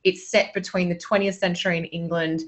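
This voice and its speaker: A woman's voice: on the low side, flat delivery, brisk. A woman astrologer chatting casually and enthusiastically on a podcast. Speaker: astrologer guest. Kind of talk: casual chat.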